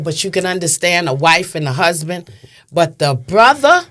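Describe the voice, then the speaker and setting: A woman in her fifties, Brooklyn-born with a New York accent, gives impassioned testimony in an interview, stressing points by repeating phrases. Her lowish voice is a bit bright, with lively intonation and a normal speed.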